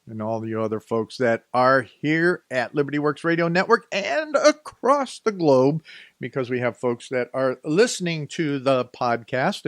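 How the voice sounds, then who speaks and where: A man's voice: medium pitch, a bit bright, no echo, studio quality. A man with a Northeast Ohio accent hosting a talk radio show, ranting in a sarcastic, scolding monologue.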